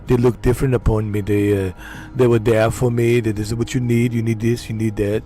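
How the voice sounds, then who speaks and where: A man's voice: medium pitch, little pitch movement, a little fast, mellow, close to an everyday voice. A man doing an impression of a boastful, aging male action-star bodybuilder, in a rambling, self-mocking way. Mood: playful boasting.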